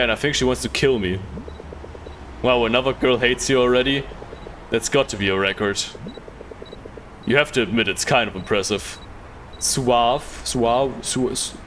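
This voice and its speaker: A man playing a game on a live stream and reading its dialogue aloud. His voice sits at an ordinary mid pitch, and he talks casually, tripping over words and swearing offhand. A faint hiss runs under the recording. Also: fairly bright tone.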